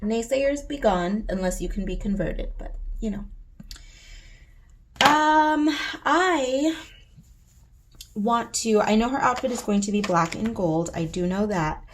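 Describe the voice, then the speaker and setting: A woman's voice: mid-range voice, normal speed, few pauses, a little hiss or hum. A young woman chatting playfully and theatrically to her viewers while she colors. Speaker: coloring channel host. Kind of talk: casual chatty coloring vlog.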